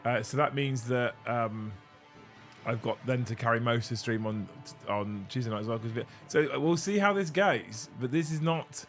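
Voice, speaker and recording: A hoarse middle-aged man hosting a casual livestream, chatty and self-mocking, swearing freely. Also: mid-range voice, moderate pace, soft background music. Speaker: streamer host.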